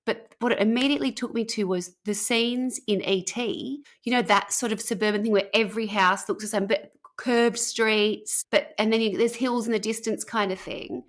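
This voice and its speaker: A woman's voice: a little high, steady tone, normal speed, few pauses. A woman telling a story on a podcast in a chatty, rambling way with plenty of fillers. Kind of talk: conversational storytelling.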